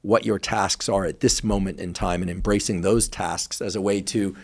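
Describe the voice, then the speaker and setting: A man's voice: low-pitched, steady tone, normal speed. A man interviewing a guest in casual conversation, speaking politely with frequent hesitations and fillers.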